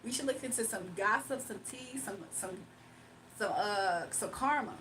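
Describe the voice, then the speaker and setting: A woman's voice: a little high, normal speed, fairly bright tone, distant mic, slight background noise, rough recording. A woman hosting a casual live stream, chatting with her viewers, laughing often and calling them y'all. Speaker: livestream host.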